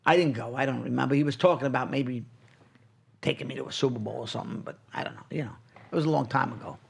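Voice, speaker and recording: A man in his fifties chatting casually, an animated storyteller who swears freely. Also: medium pitch, fast, gravelly, slight background noise. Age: 50s. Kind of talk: casual chat.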